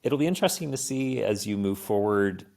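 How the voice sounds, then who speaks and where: A man's voice: on the low side, lively intonation, a little fast, vocal fry, a little mellow. A man guesting on a podcast in casual chat, playful and chatty. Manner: playful, laughs along, chatty.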